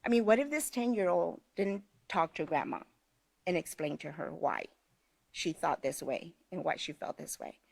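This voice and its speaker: A woman's voice: fairly low pitch, dry recording. A woman leading a teacher training class, talking conversationally and often checking in with "okay?" while she tells stories. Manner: conversational, frequent "okay?" check-ins, storytelling. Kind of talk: live online class instruction.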